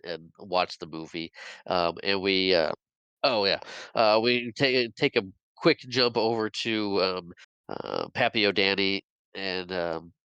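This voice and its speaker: A man's voice: deep voice, takes it slowly, a bit bright, clear, resonant tone, no room sound, dull audio. A man casually retelling a film's plot on a podcast, rambling and giggly with frequent restarts. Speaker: podcast co-host. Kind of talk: casual film recap.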